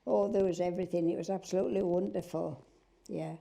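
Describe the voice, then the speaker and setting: Older woman, delighted storytelling, gravelly, dark tone. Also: fairly low pitch, steady tone, fast talker. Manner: enthusiastic, delighted. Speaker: interviewee recalling wartime. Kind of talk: oral history reminiscence.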